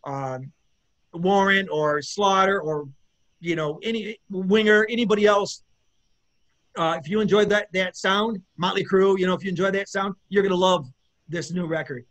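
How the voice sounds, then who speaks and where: A man, a bass player, chatting as an interview guest in a rambling, enthusiastic way with many fillers and restarts. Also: fairly even intonation, normal speed, a bit bright. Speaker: guest musician, bassist. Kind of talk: casual interview chat.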